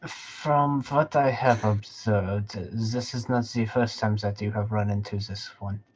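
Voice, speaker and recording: A man's voice: lowish voice, steady tone, a little slow, highs cut off. A man voicing a formal, guarded male adventurer who speaks in stiff, careful sentences. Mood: wary.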